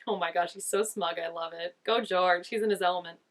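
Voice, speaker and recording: A woman's voice: lowish voice, fairly even intonation, brisk, fairly bright tone. A woman casually reacting to a TV episode, chatty and gushing, with lots of "like" fillers. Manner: chatty, gushing, peppers speech with "like".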